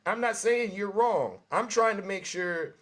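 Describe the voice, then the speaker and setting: Bright-voiced man hosting a call-in. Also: high-pitched, unhurried. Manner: calm, soothing, repeats names to get attention. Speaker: host. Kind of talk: live call-in show hosting.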